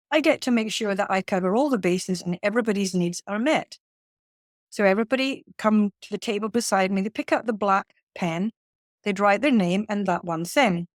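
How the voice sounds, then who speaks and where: A woman, a leadership coach telling a lively workplace anecdote as a podcast guest. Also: medium pitch, dry recording, clean studio sound. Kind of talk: conversational storytelling.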